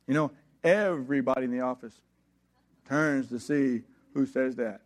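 A man's voice: fairly high pitch, moderate pace. A man telling a personal story, acting out the people in it and laughing as he goes. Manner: animated storyteller, acts out voices, laughs along. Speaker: preacher.

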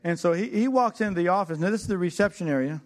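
A man's voice: high voice, fast. A man telling a personal story, acting out the people in it and laughing as he goes. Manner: animated storyteller, acts out voices, laughs along. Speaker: preacher.

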